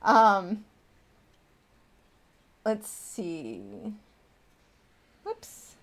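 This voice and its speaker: A woman's voice: medium pitch, sing-song, extremely slow. A woman in her thirties, an artist chatting casually on her livestream, answering viewer questions and cooing at her pet bird.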